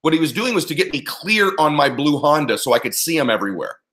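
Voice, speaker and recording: A man's voice: on the high side, very animated, quick pace, fairly bright tone. A man giving punchy, emphatic advice as an interview guest, often checking that his listeners follow. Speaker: interview guest, performance coach. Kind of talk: motivational interview answer.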